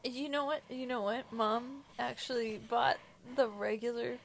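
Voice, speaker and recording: A woman chatting casually as a podcast co-host, self-mocking and quick with asides. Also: on the high side, fairly even intonation, gravelly. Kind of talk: casual chat.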